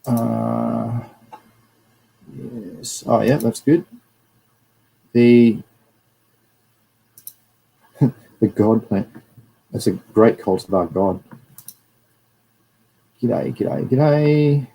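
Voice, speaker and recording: A man's voice: mid-range voice, drawn-out words, creaky, pauses often, dark tone, breathy edge, rough recording. An Australian man hosting a livestream and giving a casual, rambling talk over slides while greeting viewers. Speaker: livestream host.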